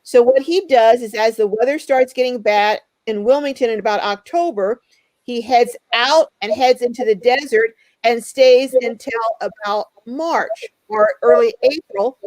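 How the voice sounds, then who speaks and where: High-voiced lady hosting a live stream, reads out comments and says hi to everyone, dry close sound. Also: measured pace, a little mellow, no echo, rough recording. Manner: chatty, greets viewers by name. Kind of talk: live stream chat, reading viewer comments.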